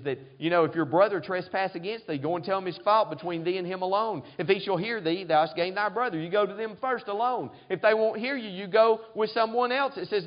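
A man's voice: high-pitched, dull audio. A man preaching a sermon as pastor, often asking the congregation "amen?". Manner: preaching, frequent call-and-response "amen?".

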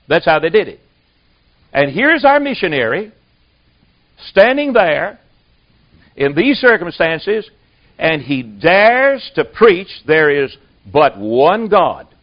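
A man's voice: on the high side, sing-song, takes it slowly, long pauses. A man preaching a sermon to a congregation, with a folksy storytelling manner. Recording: dull lo-fi recording.

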